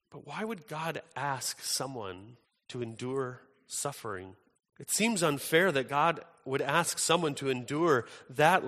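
A man's voice: on the high side, sharp tone, in a large hall. A man preaching a sermon as pastor, telling Bible stories in a conversational way with fillers and restarts.

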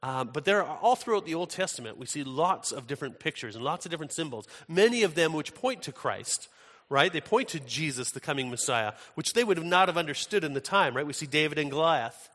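A man's voice: a little high, expressive, brisk, fairly bright tone, in a large hall. A man preaching a sermon as pastor, telling Bible stories in a conversational way with fillers and restarts.

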